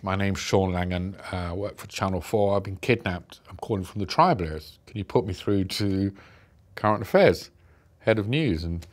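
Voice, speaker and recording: In an interview, a middle-aged Briton recounts something from his own life in a fairly low voice. His delivery is slow, halting and reflective, full of restarts.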